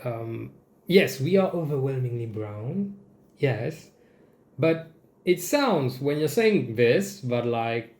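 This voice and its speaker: A young man from Mauritius, host of a comedy show, ranting in a casual, animated way and swearing freely. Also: slow pace. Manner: animated, jumps into mocking high-pitched quoted voices, swears. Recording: echoey room.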